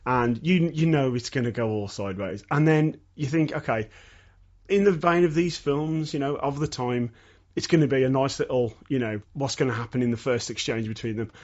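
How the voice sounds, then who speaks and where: A man's voice: medium pitch, moderate pace, darkish tone. A man in his forties from the West Midlands with a West Midlands accent, trading wry jokes and enthusiastic asides in a casual podcast chat. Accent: West Midlands English. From West Midlands, England. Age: 40s. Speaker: podcast co-host. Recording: dull lo-fi remote audio.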